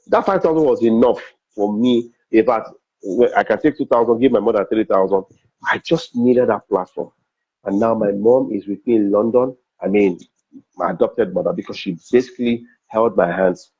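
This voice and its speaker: A man's voice: lowish voice, dark tone, breathy edge. A middle-aged man with a Nigerian accent, a comedian and MC telling personal stories in an interview, acting out dialogue and repeating phrases for emphasis. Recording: dull, slightly lo-fi recording.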